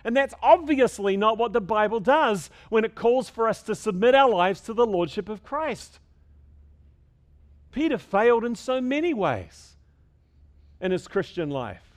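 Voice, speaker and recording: High-voiced man preaching with emphasis. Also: sing-song. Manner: emphatic, quick asides with stammered restarts. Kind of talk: sermon.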